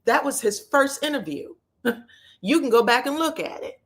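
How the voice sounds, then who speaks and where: A woman's voice: high-pitched, animated, normal speed. A woman talking bluntly and with sass in a casual recap, dropping in quoted lines in shifted voices. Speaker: recap commentator.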